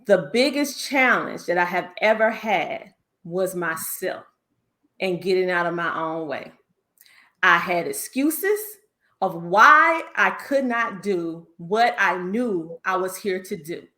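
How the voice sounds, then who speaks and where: A woman's voice: on the low side, lively intonation, slow, sharp tone. A woman with a Southern US accent, a business coach giving an emphatic, preacher-like motivational talk on a video call, calling listeners honey. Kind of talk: motivational speech in an online panel.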